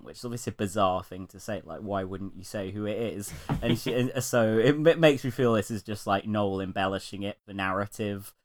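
A man co-hosting a podcast, chatting casually, swearing a lot and breaking into laughter as he retells stories. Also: lowish voice. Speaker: podcast co-host. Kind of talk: casual chat.

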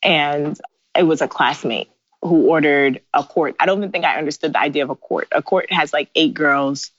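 A woman's voice: low-pitched, moderate pace, no room sound. A woman in her thirties, a bridal designer, telling stories in a casual interview with frequent laughs. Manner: animated, laughs often while telling stories. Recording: dry, slightly dull podcast audio.

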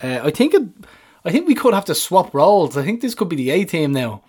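A man co-hosting a casual podcast, with a voice pitched a little higher than most men's. He rambles through plans in a laid-back, jokey way. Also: sing-song, a little fast, darkish tone, breathy edge. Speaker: podcast co-host. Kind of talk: casual chat.

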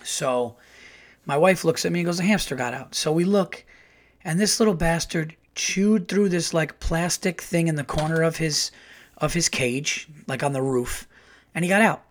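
A middle-aged man hosting a podcast, telling family stories in a casual, profane, animated way and quoting his family in quick bursts. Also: on the high side. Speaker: podcast host. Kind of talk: casual storytelling monologue.

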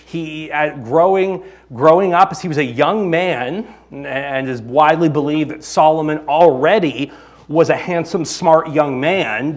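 Higher-voiced male pastor preaching casually. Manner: conversational, joking preaching with quick asides. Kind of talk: sermon.

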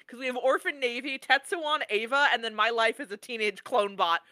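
A podcast co-host in casual chat, rambling and excitable, often cutting themself off, recorded on their own mic over a remote call. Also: medium pitch, a little fast, background noise. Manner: rambling, self-interrupting, excitable.

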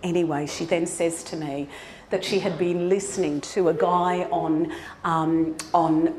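A woman preaching to her congregation, telling a personal story in a lively way and then urging her listeners on with fervour. Her voice sits in the middle of the range and has a roomy echo, with faint noise behind it. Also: lowish voice. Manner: animated storytelling, rising to fervent exhortation. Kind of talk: sermon testimony.

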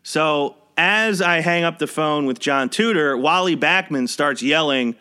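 A man's voice: fairly high pitch, unhurried, pushed and bright, clean tone. A young man hosting a podcast, casually telling a personal work story in a wry, conversational way and chuckling as he goes. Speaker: podcast host.

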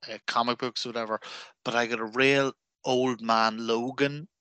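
A man's voice: mid-range voice, fairly even intonation, moderate pace, bright, forceful tone, clear, resonant tone, no room sound. A man with an Irish accent, co-hosting a wrestling podcast in casual, crude, joking chat. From Ireland. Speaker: podcast co-host.

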